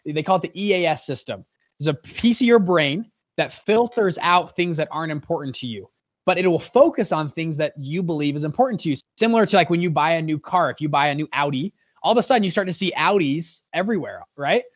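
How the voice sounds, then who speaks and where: A young man in his twenties, an interview guest, telling a story energetically, with many quick restarts. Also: a little high, no echo, dull audio. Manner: energetic, fast-talking storyteller with frequent restarts. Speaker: guest, fund founder.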